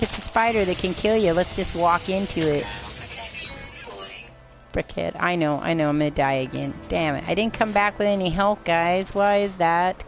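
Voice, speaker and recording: Gravelly older woman streaming a game. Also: on the low side. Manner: rambling, chatting to herself and viewers, mild swearing. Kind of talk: live gameplay commentary. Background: game music.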